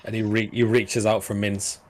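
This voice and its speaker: A man's voice: fairly low pitch, flat delivery, moderate pace. A man narrating as game master in a tabletop game, casual and full of restarts. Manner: casual, many fillers and restarts.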